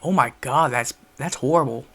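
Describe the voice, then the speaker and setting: A man's voice: mid-range voice, fairly bright tone, soft background music. Chatty man playing a visual novel. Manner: offhand and chatty, with quick reactions. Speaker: let's play gamer. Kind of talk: casual gameplay commentary.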